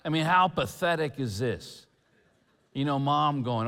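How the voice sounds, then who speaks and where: A man preaching a sermon as pastor, animated and chatty, with humorous asides. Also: a little high, a little slow, vocal fry. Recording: long church hall reverb.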